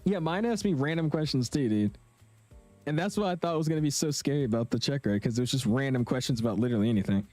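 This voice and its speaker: A man's voice: medium pitch, quick pace, a little mellow, no room sound, soft background music. A young man chatting casually with viewers on a live stream, slangy and talkative. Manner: chatty, slangy, reads chat aloud. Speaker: flight sim streamer.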